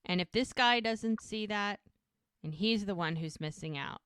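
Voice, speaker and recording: A woman's voice: medium pitch, moderate pace, fairly bright tone, clear, resonant tone, dry recording, studio quality. A woman co-hosting a podcast, casually retelling a TV episode by quoting the characters' lines in turn. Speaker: podcast co-host.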